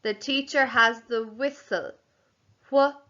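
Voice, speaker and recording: Slow, bright-voiced woman teacher. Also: fairly high pitch, dull audio. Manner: slow, clear, sing-song teacher voice, spelling words out. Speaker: primary school teacher. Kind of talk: home learning lesson for young children.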